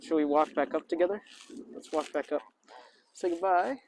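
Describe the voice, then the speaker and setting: A man's voice: normal speed, a little hiss or hum, low-quality recording. A man vlogging outdoors at a lakeside park. He chats casually and playfully and keeps greeting the birds in a raised voice, with faint honking of geese behind him. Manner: chatty and playful, often talks to the birds in a high voice. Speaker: vlogger and English teacher host. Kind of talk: casual outdoor vlog narration. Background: geese and ducks honking faintly.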